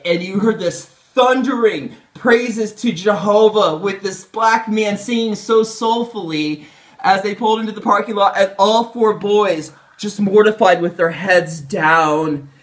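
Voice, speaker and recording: Easygoing high-voiced man on a call. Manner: relaxed, easygoing, calls his friend dude. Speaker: co-host of a phone chat show. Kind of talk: casual storytelling over the phone. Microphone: phone call.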